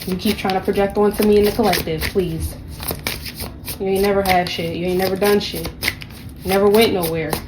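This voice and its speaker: A woman's voice: medium pitch, fairly even intonation, brisk, long pauses, background noise. A woman giving a casual tarot reading, blunt and profane, with sassy, mocking asides. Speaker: tarot reader.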